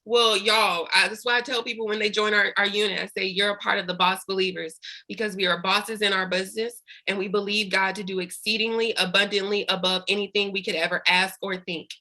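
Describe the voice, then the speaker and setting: A woman's voice: mid-range voice, level tone, brisk, hardly any pauses, bright, forceful tone, rough recording. Emotional preachy woman team leader. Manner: preachy, faith-filled, tearful. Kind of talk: emotional team call speech. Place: video call.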